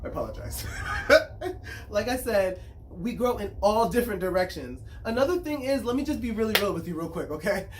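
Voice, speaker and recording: A woman speaks to her viewers in a loose, unscripted monologue, frank and unfiltered with plenty of swearing. She repeats words as her thoughts catch up and keeps checking that her listeners are with her. Her voice sits in an ordinary middle pitch. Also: big pitch swings, fast, darkish tone, a little hiss or hum. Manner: confiding, checks in with listeners often. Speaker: spiritual consultant and vlogger. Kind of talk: casual monologue to camera.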